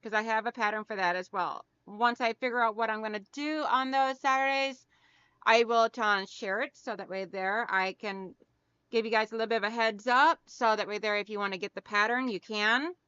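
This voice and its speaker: A woman's voice: fairly high pitch, fairly even intonation, a little fast, bright, forceful tone, clear, resonant tone, no room sound, muffled recording. A middle-aged woman hosting a hand-quilting livestream, chatting casually and greeting viewers by name, calling them hon and girl. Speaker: craft channel host.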